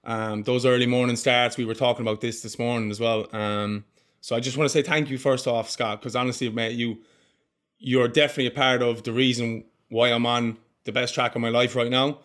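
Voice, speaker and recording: A man's voice: mid-range voice, little pitch movement, a little fast, fairly bright tone. Earnest young man chatting as a podcast guest. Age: 20s. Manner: earnest, heartfelt, peppers talk with "mate" and "bro". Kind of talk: casual podcast conversation.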